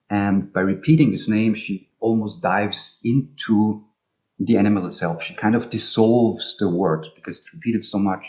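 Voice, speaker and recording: A man's voice: low-pitched, a little mellow. A man giving an online academic talk on music and poetry, speaking hesitantly with many ums and restarts over a video call.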